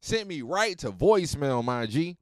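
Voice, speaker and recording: Animated, profane man telling a story. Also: a little high, moderate pace, no echo, studio quality. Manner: animated, profane, swings loud and soft. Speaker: podcast host. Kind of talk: casual storytelling monologue.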